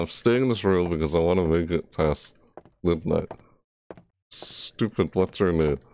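With a deep, darkish voice, a man commentates live on a horror game he's playing in a VR headset. He's jumpy and frustrated, often breaking into panicked yelps and shrieks.

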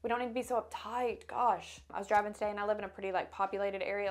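A woman's voice: a little high, fast talker, few pauses. A young woman, teaching haircutting in a casual, chatty tutorial with rambling asides and laughs.

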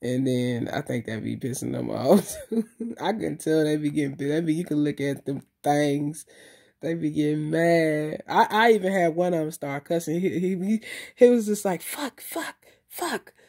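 This woman vlogger has a deep, mellow voice with vocal fry. Addressing her camera in a casual monologue, she uses loose street slang, swears a lot, repeats herself for emphasis and fills pauses with fillers.

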